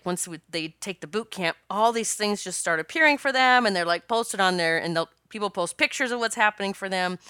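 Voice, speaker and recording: A woman's voice: lowish voice, pushed and bright, smooth, dry recording. A woman hosting her own podcast as a spiritual coach, telling a personal story in a chatty, rambling way with many restarts and laughs. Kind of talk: casual solo podcast storytelling.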